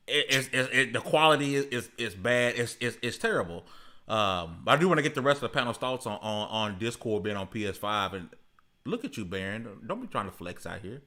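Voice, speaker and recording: A man hosting a casual panel chat, animated and quick with slang and asides. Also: on the low side.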